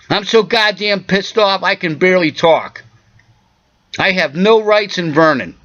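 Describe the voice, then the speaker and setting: A man ranting angrily into the camera, profane and insistent, his voice hoarse and catching. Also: a little high, bright, forceful tone, no echo, dull audio. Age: 40s. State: hoarse, coughing. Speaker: vlogger. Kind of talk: angry personal rant to camera.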